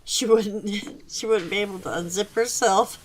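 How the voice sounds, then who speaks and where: A woman's voice: mid-range voice, measured pace, poor audio. A woman hosting a gaming channel, rambling through a casual story while she plays and laughing often. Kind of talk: casual chat while playing.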